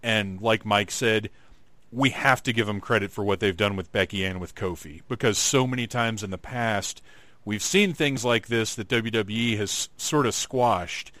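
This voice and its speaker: Man, co-host, enthusiastic casual chat, crisp bright tone, dry sound. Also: lowish voice, normal speed, no echo. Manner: enthusiastic, laughs easily. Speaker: podcast co-host.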